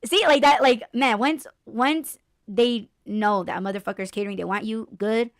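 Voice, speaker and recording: A woman's voice: on the high side, moderate pace, dry recording, studio quality. Blunt, profane woman podcast host. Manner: blunt, profane, animated storytelling with mock voices. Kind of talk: casual chat.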